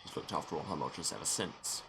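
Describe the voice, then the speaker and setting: A man's voice: very deep voice, quick pace, creaky, bright, forceful tone, slight background noise. A man hosting a game playthrough, reading the story text aloud and adding wry asides. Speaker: let's play host.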